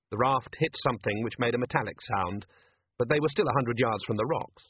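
A man narrating an audiobook in an unhurried, dry storytelling manner. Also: medium pitch, husky, no room sound. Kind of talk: audiobook narration doing character voices. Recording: tinny lo-fi dry recording.

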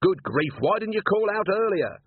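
A man playing a weary, gruff male watch commander who speaks brusquely. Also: sits high, sing-song, moderate pace, dry recording, pitched above the performer's own voice, exaggerated voice. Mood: urgent. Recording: tinny phone-like, dry.

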